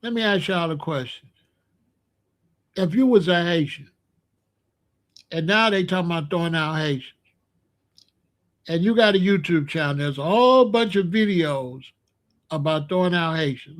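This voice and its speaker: Ranting vlogger, male, high voice, repeats himself, punches lines loudly. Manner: animated, with emphatic repetition and loud outbursts. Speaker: commentary vlogger. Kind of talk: casual ranting commentary.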